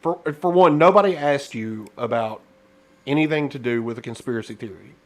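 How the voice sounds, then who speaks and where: A man's voice: medium pitch, a little fast. A man co-hosting a casual political chat show, rambling and sarcastic, often restarting his sentences. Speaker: podcast co-host.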